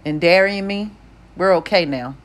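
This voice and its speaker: A woman's voice: fairly low pitch, normal speed, close to an everyday voice. A woman voicing a teenage boy who talks to his hurt friend with urgent, forced cheer. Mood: earnest. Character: anxious teenage boy, the narrator, talking to a friend.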